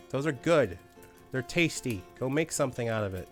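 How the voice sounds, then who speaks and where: A man's voice: mid-range voice, lively intonation, moderate pace, soft background music. A man chatting casually on a live game stream, swearing freely and barking orders at the game characters. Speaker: streamer playing a colony sim game.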